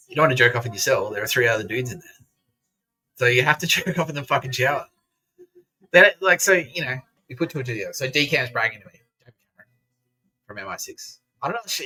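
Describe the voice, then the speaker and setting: Male podcast host, bright edgy tone, profane sarcastic rant with laughs. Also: medium pitch, poor audio. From Australia. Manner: profane, sarcastic, laughs through his words. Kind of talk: casual ranting monologue.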